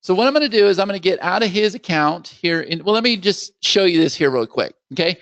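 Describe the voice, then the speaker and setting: A man hosting a live screen-share software demo, upbeat and salesy, talking straight to viewers as "guys" and acting out how clients would react. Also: high-pitched, lively intonation, fast talker, dry recording, dull audio. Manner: acts out clients' reactions in quoted voices.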